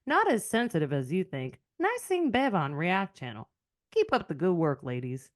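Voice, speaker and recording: A woman putting on an exaggerated slow Southern drawl to read a listener review aloud, as a joke on a podcast recorded over a video call. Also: fairly low pitch, big pitch swings, dry recording, studio quality. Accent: put-on Southern US. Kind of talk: comic put-on voice on a podcast.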